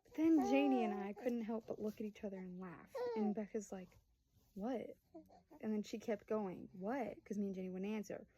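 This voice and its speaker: Speaking a little fast with hardly any pauses, this woman has a mid-range voice and a dark tone, caught on a rough recording. She's a vlogger and young mother in her early twenties, chatting rambly to camera about her family, packing in fillers and performing the family members' lines.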